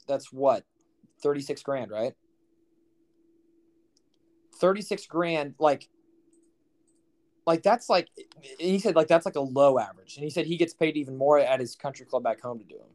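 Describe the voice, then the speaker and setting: A man's voice: on the high side, darkish tone. A young man co-hosting a podcast, telling stories in a rambling, profane, incredulous way. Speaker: podcast co-host. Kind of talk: casual chat.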